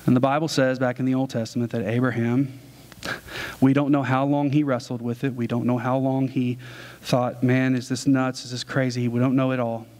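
A man's voice: medium pitch, flat delivery, normal speed, a little mellow. A man preaching a sermon, retelling a story in a casual, conversational way. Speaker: pastor.

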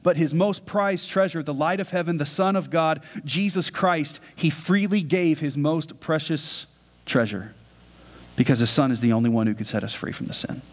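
A man's voice: a little high, moderate pace. Man preaching in a reverberant hall. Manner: earnest preaching, talks to the congregation with questions. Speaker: pastor. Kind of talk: sermon.

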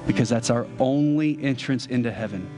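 A man's voice: medium pitch, brisk. A man preaching a sermon as pastor, earnestly pleading with his listeners through repeated direct questions during a church service. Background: soft guitar music.

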